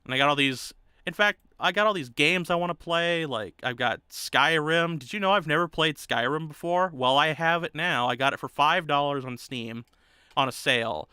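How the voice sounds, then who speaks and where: Man, streamer, casual rambling chat, bright crisp voice, dry close sound. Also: on the high side, moderate pace, no echo. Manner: rambling, loose, easygoing.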